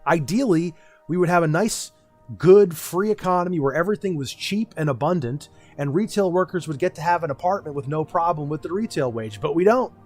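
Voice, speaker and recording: A man's voice: fairly high pitch, fairly quick, a little mellow, soft background music. A young man streaming and talking with his chat in a blunt, profane, ranting way. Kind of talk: casual livestream chat.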